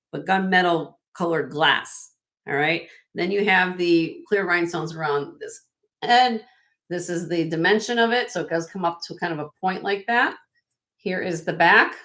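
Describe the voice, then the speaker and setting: A woman's voice: on the low side, fairly bright tone. A woman hosting a live online jewelry auction, chatting upbeat with viewers and laughing often. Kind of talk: live-stream auction chat.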